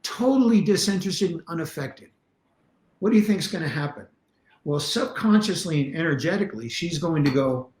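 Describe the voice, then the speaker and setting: A self-defense coach and martial arts instructor, guesting on a podcast, lays out his principles at a moderate pace in a somewhat high voice. His teaching is animated and emphatic, hammering points with blunt examples, and the sound is roomy and echoey.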